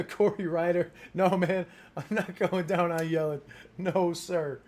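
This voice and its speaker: A man hosting a casual stock market livestream, joking and swearing as he talks about his trades and his family. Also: sits high. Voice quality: profane, joking, loud bursts of laughter. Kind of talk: casual trading livestream chat.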